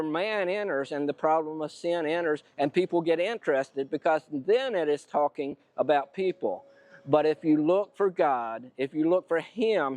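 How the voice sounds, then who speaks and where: A preacher telling a story in a sermon, animating it by acting out the quotes. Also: male voice, on the high side, darkish tone, no echo.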